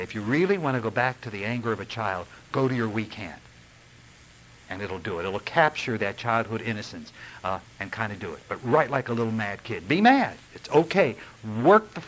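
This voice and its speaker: An older man, talking in an earnest, rambling, confessional way. His voice sits at an ordinary middle pitch. There is a faint hiss under the recording. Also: fairly bright tone, low-quality recording. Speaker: recovery speaker. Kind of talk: recovery talk.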